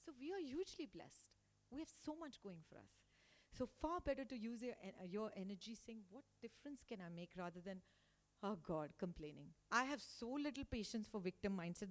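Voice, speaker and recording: A woman giving an emphatic motivational talk to school staff as a guest speaker. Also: medium pitch. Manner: emphatic, acts out quotes in lively voices. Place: school hall. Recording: long hall reverb.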